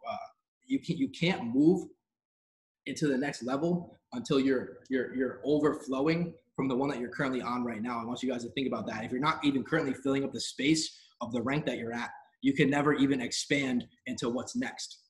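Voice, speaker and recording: A man's voice: medium pitch, steady tone, fairly quick, rough recording. A man hosting a live online training call, giving an emphatic, repetitive motivational talk in slangy, casual speech. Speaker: host of a team training call.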